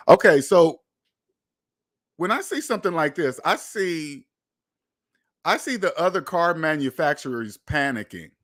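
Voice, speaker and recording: Very animated yet unhurried, the man speaks in a slightly high voice and pauses often. He hosts a finance channel, chatting casually to viewers in an emphatic monologue where he repeats himself and swears occasionally.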